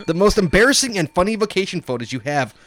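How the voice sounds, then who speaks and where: A man's voice: sits high, sing-song, fast talker, a bit bright, no room sound. A man hosting a radio show in casual banter, reading an announcement aloud with joking asides. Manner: joking, reads press release aloud with asides.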